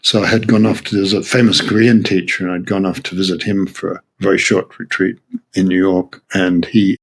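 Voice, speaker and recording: Older aussie guy, lowish gravelly voice, stop-start storytelling, laughs a lot. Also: level tone. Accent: Australian. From Australia. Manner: halting, many restarts, laughs often. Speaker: Zen teacher. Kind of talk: reflective interview storytelling.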